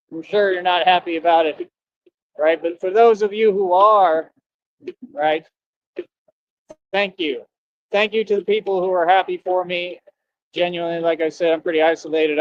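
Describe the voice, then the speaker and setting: Slangy, confrontational male streamer, fairly high voice, rambling outdoors near traffic; lo-fi stream sound. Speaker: costumed livestreamer. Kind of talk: casual rambling livestream talk. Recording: dull lo-fi stream audio.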